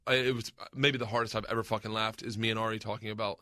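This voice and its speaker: Bright animated man telling stories. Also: on the low side, quick pace, no echo, clean studio sound. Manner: animated storyteller, shouts and laughs at punchlines. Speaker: podcast host. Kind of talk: casual comedy podcast chat.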